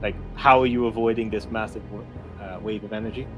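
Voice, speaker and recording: A man's voice: lowish voice, fairly even intonation, fairly quick, highs cut off, music in the background. A man running a tabletop role-playing game as game master, narrating a fight in a vivid, rambling way with many fillers.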